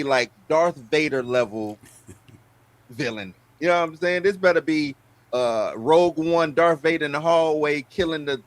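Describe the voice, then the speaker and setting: A man co-hosting a casual entertainment news chat, lively and argumentative. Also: on the high side. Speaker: podcast co-host.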